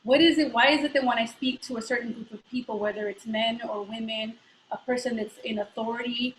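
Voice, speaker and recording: A woman's voice: a little high, steady tone, fairly bright tone, reverberant, a little hiss or hum, poor audio. A woman from the Bay Area, an actor and voice teacher, talking earnestly and thoughtfully as a guest in a casual live interview over a video call. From San Francisco Bay Area. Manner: earnest, reflective, with filler pauses.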